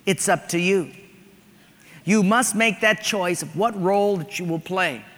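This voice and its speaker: Storytelling male pastor, high bright voice, church hall reverb. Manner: conversational, storytelling preacher. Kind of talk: sermon. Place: church sanctuary. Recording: large hall with long reverb.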